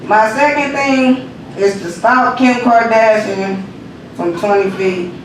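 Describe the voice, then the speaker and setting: A man with a high voice rehearses a stand-up set slowly, full of energy, cursing through his stories and laughing at his own jokes. The microphone is far away, and the room is echoey and noisy.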